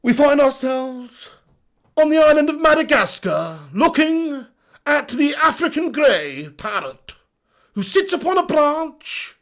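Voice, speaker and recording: A man imitating an older nature documentary narrator, very slow and reverent. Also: extremely high pitch, very animated, a bit bright, voice pushed up, exaggerated voice. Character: hushed elderly male nature documentary narrator.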